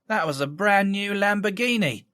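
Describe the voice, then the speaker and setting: A man's voice: high-pitched, normal speed, sharp tone, pitched above the performer's own voice. Man doing a lilting Cockney woman. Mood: chatty. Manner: lilting, chatty. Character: friendly young-ish Cockney woman neighbor.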